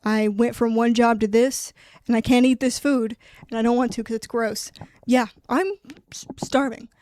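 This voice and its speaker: A woman's voice: a little high, fairly even intonation, normal speed, darkish tone, close to an everyday voice. Woman voicing a flustered anxious young man. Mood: exasperated. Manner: stammering, disbelieving.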